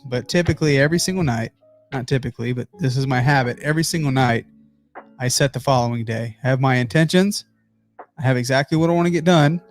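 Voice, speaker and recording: A man's voice: mid-range voice, quick pace, faint music behind. A man hosting a motivational business talk from his home office, speaking emphatically and addressing viewers directly. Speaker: host.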